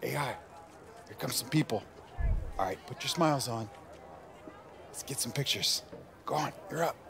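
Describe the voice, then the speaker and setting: A man's voice: medium pitch, normal speed, vocal fry, fairly bright tone. An actor playing a goofy, relentlessly upbeat male basketball coach in a video game. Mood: sheepish. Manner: forced cheerfulness, jokey.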